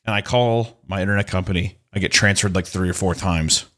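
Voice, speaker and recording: A man's voice: low voice, steady tone, a little fast, fairly bright tone. A man hosting a comedy podcast, telling an exasperated, profane story in a casual way. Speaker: podcast host.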